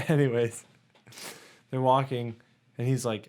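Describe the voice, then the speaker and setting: A young man on a podcast, telling stories casually in an animated way, and high while he talks. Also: moderate pace, long pauses. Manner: animated storytelling, laughing. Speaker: podcast co-host. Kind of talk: casual chat.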